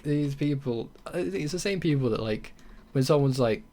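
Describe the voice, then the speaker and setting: A man's voice: medium pitch, fairly quick, a little mellow. A young man hosting a casual solo podcast, talking bluntly with swearing and sarcastic mocking asides. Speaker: podcast host.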